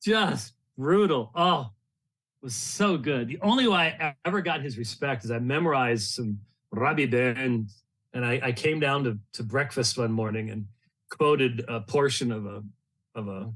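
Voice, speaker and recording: Chatty man swapping fond anecdotes. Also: mid-range voice. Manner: rambling, anecdotal, warm chuckles between stories. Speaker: ministry leader and podcast host. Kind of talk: casual reminiscing monologue.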